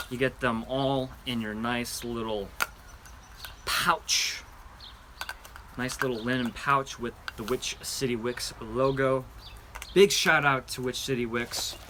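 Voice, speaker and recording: A man hosting a live candle show-and-tell, chatting in a loose, rambling way full of fillers and restarts. His voice is bright and forward, sitting at an ordinary pitch. He sounds eager as he describes each scent. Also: slight background noise. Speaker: candle review channel host.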